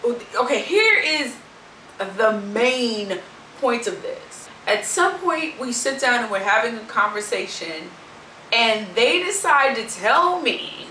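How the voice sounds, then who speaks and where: A woman's voice: fairly high pitch, big pitch swings, slow pace, bright, forceful tone, roomy sound, recorded from a distance, a little hiss or hum, low-quality recording. A young woman vlogger telling a story in a brash, sassy, profane rant.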